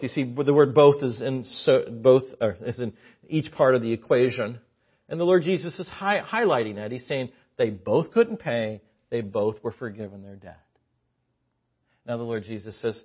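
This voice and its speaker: A man preaching a sermon as an animated, joking storyteller, on a dull lo-fi recording. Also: medium pitch, moderate pace, breathy edge.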